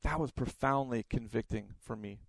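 A man's voice: mid-range voice, moderate pace, creaky, dry recording, low-quality recording. A man preaching a sermon, telling stories and often repeating his words as he goes. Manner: storytelling, stumbles and repeats words. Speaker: pastor.

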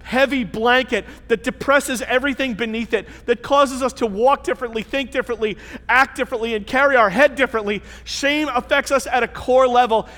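A man's voice: extremely high pitch, a little fast, fairly bright tone. A man preaching a sermon to his church in a conversational way, with rhetorical questions and emphatic repetition. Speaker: pastor. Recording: long church-hall reverb.

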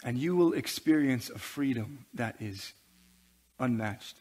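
A man's voice: medium pitch, expressive, unhurried, a little mellow. A male pastor preaching a sermon to his church, building intensity with humorous asides.

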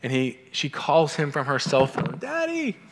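A man's voice: mid-range voice, level tone, normal speed. Man preaching in a reverberant hall. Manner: conversational with wry asides. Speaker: pastor. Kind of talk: sermon.

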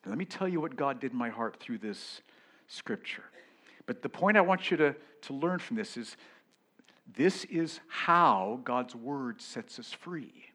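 Animated preacher man, loud to whispered. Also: mid-range voice, unhurried. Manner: dynamic, swings from loud exclamations to hushed whispers. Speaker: pastor. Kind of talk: sermon.

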